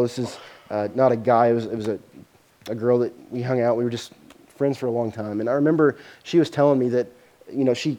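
A man of medium pitch, preaching as a pastor, narrates a story during his sermon. He tells it animatedly, and his volume rises at the dramatic high points.

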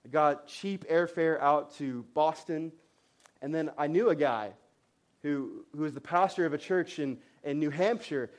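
Man, thirties, pastor, sermon storytelling, high-pitched voice, animated and self-mocking, repeats words as he goes. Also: a little slow.

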